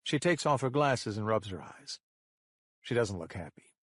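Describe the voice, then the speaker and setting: A man narrating a thriller audiobook in a measured, even way. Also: lowish voice, dry recording, clean studio sound.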